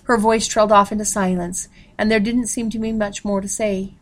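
A woman reading a novel aloud at a steady pace, pausing to announce page numbers. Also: mid-range voice. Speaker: reader.

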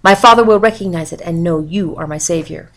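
A woman's voice: fairly low pitch, fairly quick. A woman reading aloud, voicing a grateful young princess in an earnest tone.

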